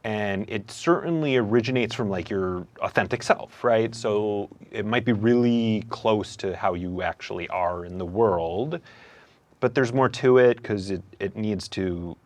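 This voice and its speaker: A man's voice: fairly low pitch, measured pace, dry recording. A young adult man, a comedian and host, answering interview questions in a reflective, hesitant way with many fillers and restarts.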